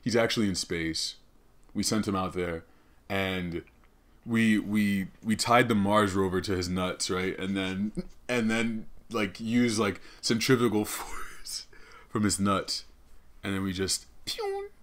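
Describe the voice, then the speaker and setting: Low-voiced, rambling, profane male host. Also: fairly even intonation, unhurried, fairly bright tone. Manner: rambling, profane, laughs often. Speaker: podcast host. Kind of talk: comedic monologue. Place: studio.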